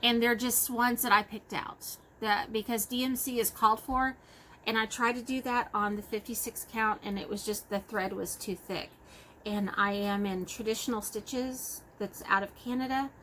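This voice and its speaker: A woman's voice: on the high side, steady tone, moderate pace, sharp tone, slight background noise, poor audio. A woman with a Texas accent chatting casually about her cross-stitch projects, rambling and correcting herself as she goes. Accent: Texan. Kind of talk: casual show-and-tell chat.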